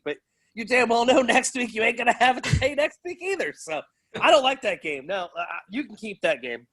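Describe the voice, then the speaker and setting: A man's voice: sits high, very animated, brisk, fairly bright tone. A man co-hosting a casual podcast, speaking candidly and laughing often. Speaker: co-host. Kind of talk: casual chat.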